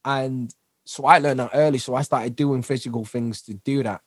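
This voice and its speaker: Husky man telling animated stories. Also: medium pitch, moderate pace, no room sound. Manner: animated storyteller who acts out quotes and laughs often. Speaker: guest, dancer, singer and actor. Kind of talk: casual interview chat.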